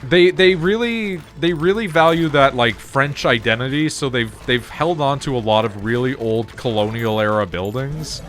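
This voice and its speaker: A man's voice: mid-range voice, normal speed, hardly any pauses, a bit bright, soft background music. A man streaming a game, chatting casually and telling stories with frequent laughs and swearing. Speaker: gaming streamer. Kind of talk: casual gameplay commentary.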